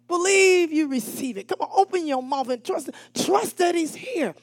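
A woman preaching a sermon, animated, calling out to the congregation and dropping from shouts to hushed asides. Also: very high voice, moderate pace, few pauses, no room sound. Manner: animated and call-and-response, swinging between shouts and hushed asides.

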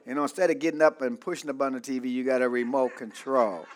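A male pastor preaching a sermon, calling out to the congregation for responses and building up to shouted peaks. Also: medium pitch, fairly even intonation, fast talker.

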